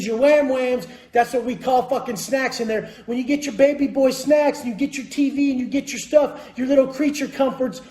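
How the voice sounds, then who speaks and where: A man's voice: extremely high pitch, warm tone. A young man telling a blunt, profane, motivational story in casual vlog talk. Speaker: vlogger. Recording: echoey room.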